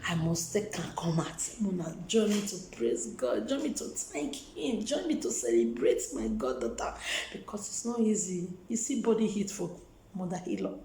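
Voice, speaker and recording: A woman's voice: fairly low pitch, very animated, normal speed, mellow, roomy sound, a little hiss or hum, rough recording. A woman with a Nigerian accent who talks to her viewers about her faith and encourages them, often repeating phrases for emphasis. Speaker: vlogger.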